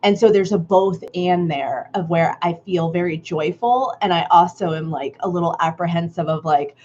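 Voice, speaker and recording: A woman's voice: lowish voice, normal speed, few pauses, a little mellow, lo-fi sound. A woman hosting a live creative workshop stream, greeting viewers by name and musing reflectively on their comments.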